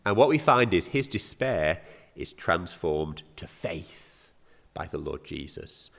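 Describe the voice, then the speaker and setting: Lively English preacher in a reverberant hall. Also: male voice, deep voice, takes it slowly, creaky. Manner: earnest, asks the listeners rhetorical questions. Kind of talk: sermon.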